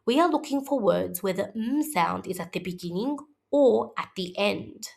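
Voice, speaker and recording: A woman teaching a scripted phonics lesson for young children, modelling sounds slowly and clearly for them to repeat. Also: mid-range voice, expressive, a little mellow.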